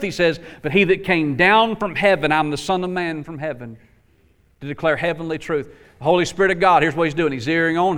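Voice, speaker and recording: A man's voice: high voice, a bit bright. A man preaching a sermon to his congregation, emphatic and folksy, repeating lines for effect. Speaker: pastor.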